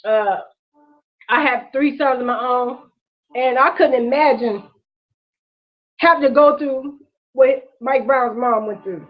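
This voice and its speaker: Speaking slowly from a high register with frequent pauses, a vlog host pours out a profane, repetitive rant in impassioned street talk, close to tears. The recording has its highs cut off.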